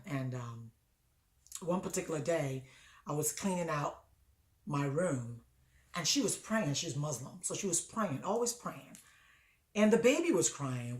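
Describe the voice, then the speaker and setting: A woman hosting an advice show, telling a personal story in a conversational, animated way that lifts high when she quotes herself. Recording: echoey room.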